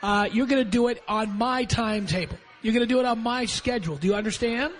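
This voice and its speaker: A man's voice: extremely high pitch, fast, a faint crowd. Domineering male radio host. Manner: domineering, sarcastic, bossy. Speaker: radio talk show host. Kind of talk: confrontational call-in radio.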